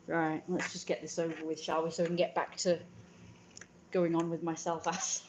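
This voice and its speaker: A woman on a casual livestream, her voice sitting a bit low. She jokes her way through a playful royal persona, rambles and swears freely as she answers chat out loud. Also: level tone, moderate pace, slight background noise, poor audio.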